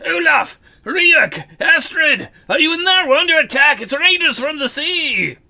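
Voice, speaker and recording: Man doing an urgent, shouting smith; pitched up high, bright. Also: very animated, unhurried, vocal fry, full character voice. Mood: panicked. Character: panicked male village smith shouting alarm.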